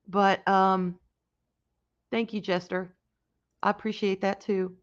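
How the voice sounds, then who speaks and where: A woman hosting a casual livestream, talking in a halting, emotional way with many restarts and reading out chat comments. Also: mid-range voice, level tone, lo-fi sound. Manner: reads and answers chat comments. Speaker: livestream host.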